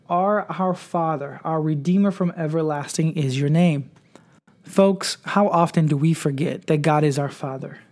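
Male preacher, somewhat high-pitched, measured earnest scripture reading for a devotional podcast. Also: a little mellow.

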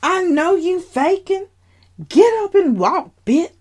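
A woman puts on a brash young sister in a storybook drama, her voice riding high and shrill as she taunts and curses. The sound is loud and scornful, with sharp jumps in pitch. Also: expressive, takes it slowly, exaggerated voice. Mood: mocking.

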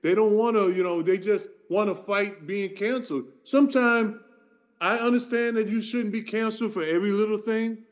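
A middle-aged podcast co-host with a fairly high voice tells stories in a loose, animated way at a moderate pace. In this casual storytelling chat he laughs between lines and does voices for the people involved.

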